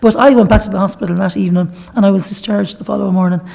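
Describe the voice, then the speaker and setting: A middle-aged Irish woman from Galway speaks with a gravelly, mellow voice. She tells her own story to a gathering in an earnest, chatty way. She often breaks off to give thanks to God. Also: medium pitch, steady tone, very fast. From Ireland. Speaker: guest speaker at a workshop. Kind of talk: personal testimony talk.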